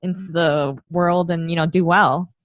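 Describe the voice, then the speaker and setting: A woman's voice: lowish voice, steady tone, unhurried, no echo, highs cut off. A middle-aged woman, a podcast guest, talking in a rambling, giggly way and poking fun at herself. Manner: giggly, rambling, self-deprecating. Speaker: guest, small business owner. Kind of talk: casual interview chat.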